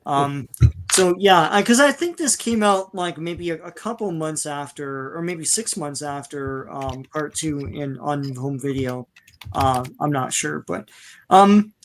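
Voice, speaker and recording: A man's voice: on the high side, animated, a little slow, a little hiss or hum. A man co-hosting a casual movie podcast, speaking hesitantly with many ums as he thinks aloud. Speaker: podcast co-host. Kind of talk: casual movie review chat.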